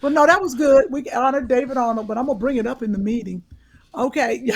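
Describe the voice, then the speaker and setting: Gravelly husky woman co-host. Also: high voice. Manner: quick playful interjections. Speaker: podcast co-host. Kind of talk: casual chat.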